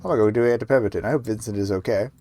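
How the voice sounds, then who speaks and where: A man's voice: fairly low pitch, racing, mellow, faint music behind. A man streaming a point-and-click game, reading its dialogue aloud with wry, chatty commentary.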